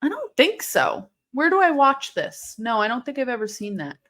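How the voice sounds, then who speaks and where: A high-pitched woman speaking at normal speed hosts a live watch-along. She chats in a relaxed way and answers viewers, then erupts in sudden bursts of excitement over the action.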